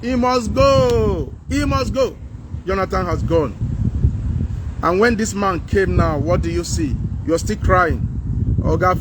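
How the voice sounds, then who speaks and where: High-pitched Nigerian man ranting. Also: very noisy. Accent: Nigerian English with Pidgin. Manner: preachy, repeats phrases, asks rhetorical questions. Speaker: political commentator. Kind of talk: impassioned political vlog rant.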